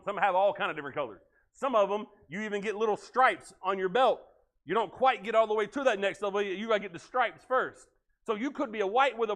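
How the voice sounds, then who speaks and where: A male pastor preaching a sermon earnestly, swinging from loud to hushed. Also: sits high.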